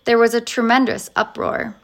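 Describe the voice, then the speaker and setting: A woman narrating a storybook aloud in a measured, expressive way. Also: on the high side, creaky.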